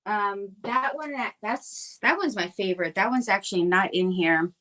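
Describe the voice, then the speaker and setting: A woman's voice: medium pitch, moderate pace, a bit bright. Upbeat woman chatting on her craft livestream, lots of ums, fiddling with clay while she talks. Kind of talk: casual chat while crafting live.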